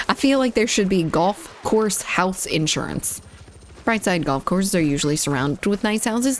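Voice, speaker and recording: Low-voiced woman streamer chatting. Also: slight background noise. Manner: rambling, chatty, reacts to the game and chat mid-sentence. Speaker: game streamer. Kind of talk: casual chat while gaming.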